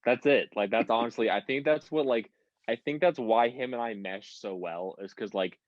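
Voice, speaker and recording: A man's voice: medium pitch, normal speed, dry recording, highs cut off. A young American man telling stories on a podcast, rambling and swearing freely. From United States. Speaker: podcast guest. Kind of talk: casual podcast chat.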